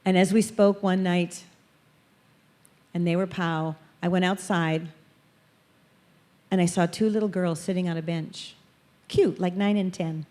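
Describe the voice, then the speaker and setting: A woman speaking at a church, telling lively personal stories and acting out the people she quotes. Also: on the low side, measured pace, pauses often. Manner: animated storyteller, acts out quoted voices. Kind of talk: storytelling testimony talk.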